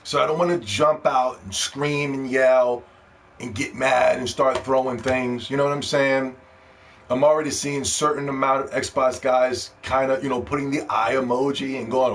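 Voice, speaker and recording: A man hosting a gaming podcast, ranting and pleading, dropping to hushed begging and then rising to shouts. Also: mid-range voice, level tone, moderate pace, slight background noise. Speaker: podcast host.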